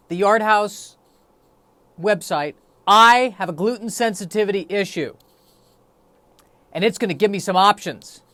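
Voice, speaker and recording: A man's voice: sits high, a bit bright, no room sound. A man hosting a solo podcast, rambling in a wry, self-deprecating way. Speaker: podcast host. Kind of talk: solo comedic podcast monologue.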